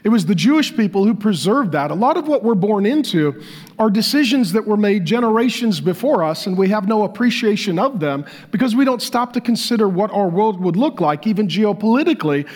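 A male pastor delivering a sermon, reading facts aloud and breaking into animated, joking asides. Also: sits high, brisk. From Irish descent.

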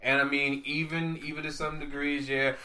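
A man's voice: a little high, little pitch movement, sharp tone. A man hosting a podcast in casual chat, joking and steering the conversation. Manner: quick, joking, keeps the conversation going. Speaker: podcast host.

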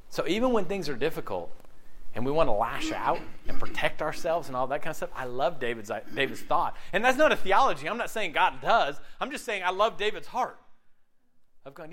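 A middle-aged man preaching a sermon as pastor, animated and laughing, acting out quoted voices. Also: fairly high pitch, brisk.

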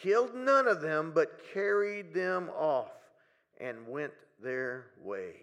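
A man preaching a sermon to a congregation in a church hall, dropping to hushed near-whispers and rising to loud, pleading cries, often stretching his words slowly. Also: a little high, lively intonation. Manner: slow, drawn-out phrasing.

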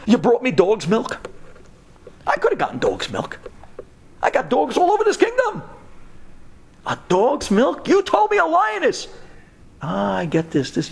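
A man voicing a hot-tempered, dying king who shouts in indignation in a storytelling sermon. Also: high-pitched, creaky, slightly rough, full character voice. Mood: furious. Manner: shouting, indignant, quick to rage.

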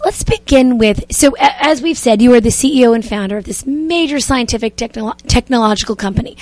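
Bright-pitched enthusiastic woman host. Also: dry recording. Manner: enthusiastic and effusive. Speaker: radio show host. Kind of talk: radio interview.

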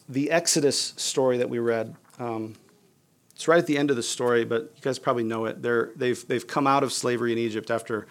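A male pastor giving a sermon in a casual, conversational way, addressing the congregation as "you guys.". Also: medium pitch.

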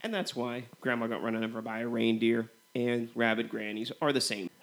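A man's voice: mid-range voice, normal speed. Laid-back man co-hosting a movie podcast. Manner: relaxed, filler-heavy comparisons with "you know". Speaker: podcast co-host. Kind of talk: casual movie review chat.

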